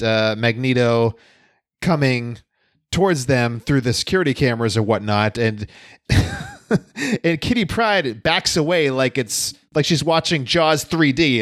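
A man in easy, rambling conversation, breaking into laughter as he goes. He stays at an ordinary middle pitch, and the sound is close and dry with no room around him. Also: a bit bright, no room sound. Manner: chatty, laughs often, many fillers and restarts. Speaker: podcast co-host. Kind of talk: casual chat.

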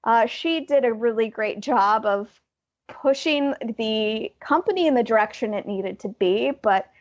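A woman with a high voice tells a story on her podcast in a lively, chatty way, often laughing. The audio is a bit dull and muffled. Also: measured pace. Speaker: podcast co-host. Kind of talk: casual storytelling chat.

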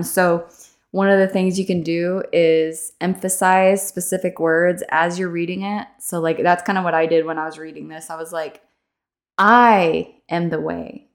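A young adult woman hosting a devotional podcast, chatting casually with many fillers and slowing down to read scripture aloud. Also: lowish voice. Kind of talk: casual devotional reading and reflection.

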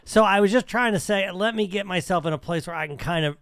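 A man's voice: high voice, quick pace, a bit bright, smooth, no echo, studio quality. A man hosting a casual podcast chat, talking in profane, rambling bursts with many restarts. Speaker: podcast host.

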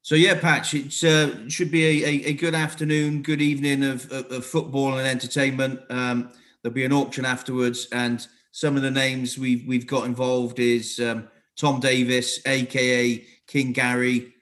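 Male guest, monotone, halting answers, lots of restarts. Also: medium pitch. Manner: halting, repetitive starts. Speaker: guest, sponsor representative. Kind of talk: interview answer.

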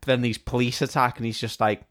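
A young man in his twenties, co-hosting a podcast with his friend. He mostly chips in with short reactions, crude jokes and laughs. His pitch is ordinary mid-range for a man. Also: flat delivery, quick pace, a bit bright. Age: young adult. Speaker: podcast co-host. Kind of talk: casual film recap chat.

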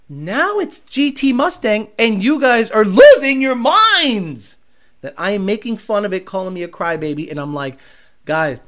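A man's voice: high voice, a bit bright. A man who owns a car tuning shop, ranting bluntly and with profanity while hosting a live show. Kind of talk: casual ranting livestream.

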